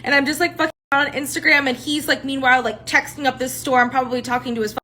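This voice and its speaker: A young woman telling a dating story to camera, animated and sarcastic, acting out each person's lines. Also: high-pitched, fast, a little hiss or hum. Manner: animated, sarcastic, acts out both sides of the dialogue. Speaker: TikTok storyteller.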